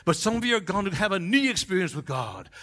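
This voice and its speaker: A man doing a booming old-time Pentecostal preacher. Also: very animated, quick pace, pushed and bright, full character voice. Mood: fired up. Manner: booming, sing-song pulpit cadence.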